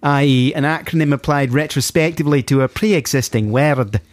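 A man putting on a high, squeaky Glaswegian caricature of a pompous, indignant man correcting people on word origins. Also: moderate pace, dry recording, clean studio sound, lightly acted. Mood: pedantic. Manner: ranting, indignant, shouting. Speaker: radio host reading a listener's message.

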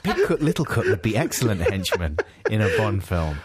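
Lively low-voiced radio host. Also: male voice, a little fast, heavy background noise. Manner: playful, mock-serious, reads listener messages. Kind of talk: casual comedy chat.

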